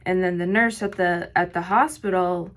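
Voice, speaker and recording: Woman doing her makeup on camera, kinda hoarse, lots of likes and restarts, low-ish voice. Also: steady tone, normal speed. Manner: rambling, filler-heavy storytelling. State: slightly hoarse. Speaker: vlogger. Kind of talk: get-ready-with-me storytime.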